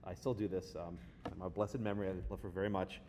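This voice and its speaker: A middle-aged man giving a lively, conversational lecture to an audience, often checking in with a quick "right?". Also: low voice, noisy background. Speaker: law professor giving a guest lecture. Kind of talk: animated lecture with slides.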